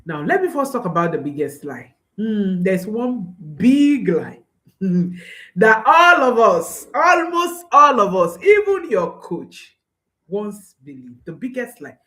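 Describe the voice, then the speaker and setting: A woman coaching parents straight to camera, speaking slowly and with a lot of rise and fall in her pitch. She is earnest and emphatic, and she comes back to her key phrases again and again. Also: very animated, fairly bright tone. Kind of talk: direct-to-camera parenting talk.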